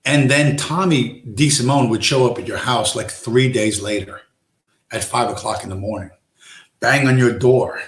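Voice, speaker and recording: A man's voice: mid-range voice, normal speed, roomy sound. A man hosting a casual live stream, rambling through stories, swearing and acting out quoted lines. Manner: rambling storyteller, acts out quoted tough-guy lines, swears.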